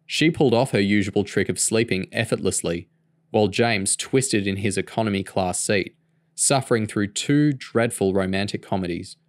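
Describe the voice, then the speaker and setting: A man reading a novel aloud in a steady, even storytelling manner. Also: on the low side, moderate pace, no room sound, studio quality. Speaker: audiobook reader.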